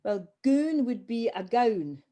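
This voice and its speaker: A woman's voice: on the high side, very animated, slow, a crowd in the background. A woman teaching a language class, patiently drilling pronunciation and calling on learners by name. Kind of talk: online group language class.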